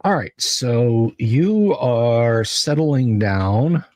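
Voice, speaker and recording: A man running a tabletop game as game master, halting with many filler sounds. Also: medium pitch, animated, a little mellow, no room sound. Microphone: video call mic.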